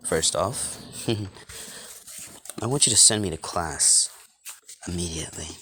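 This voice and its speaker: A man's voice: low voice, slow pace, pushed and bright, slight background noise, exaggerated voice. A man voicing a smug, cocky teenage boy who taunts everyone around him.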